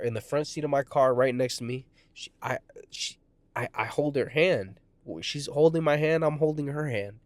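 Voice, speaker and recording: Guy doing a storytime vid, kinda high voice, swears a lot, goes off on tangents, dry sound. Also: no echo. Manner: rambling, profane, jumps between tangents; acts out quoted voices, shouting in heated moments. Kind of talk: casual storytime monologue.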